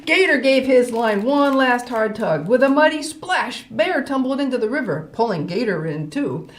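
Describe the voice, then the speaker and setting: An older woman reading a folk tale aloud as storyteller host, animated with playful asides. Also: fairly high pitch, moderate pace. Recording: roomy echo.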